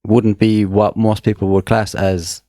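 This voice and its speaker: A man's voice: lowish voice, little pitch movement, unhurried, dark tone, no echo, studio quality. An Irish man co-hosting a podcast, rambling and laughing in casual banter. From Ireland. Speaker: podcast co-host.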